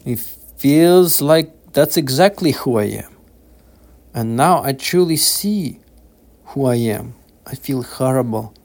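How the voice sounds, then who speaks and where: A man reading the part of a despairing former officer who confesses past crimes in a hushed, slow, trembling voice. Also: medium pitch, expressive. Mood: anguished.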